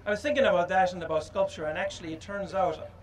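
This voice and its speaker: A man giving an informal public speech at a statue unveiling, halting and reflective, with frequent pauses and fillers. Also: sits high, fairly even intonation, a little hiss or hum, low-quality recording. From Ireland.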